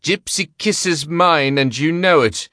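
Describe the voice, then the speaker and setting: A man's voice: a little high, measured pace, bright, forceful tone, no echo, studio quality, pitched above the performer's own voice. A man voicing a raised, taunting gambler. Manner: taunting, then shaky and pleading. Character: menacing male gambler, armed and threatening.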